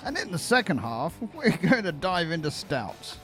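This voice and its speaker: A man's voice: a little high, very animated, moderate pace, a bit bright, soft background music. A man co-hosting a beer podcast, reading the show intro in an upbeat radio-style delivery. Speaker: podcast co-host. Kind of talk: reading a show intro, then casual chat. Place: brewery studio.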